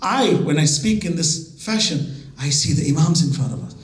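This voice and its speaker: Guy preaching a sermon, kinda higher voice, big echoey room, gets loud then goes soft and slow. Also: animated. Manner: impassioned, dropping to soft, drawn-out emphasis; recites Arabic verses between English. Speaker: religious lecturer. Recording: echoey hall.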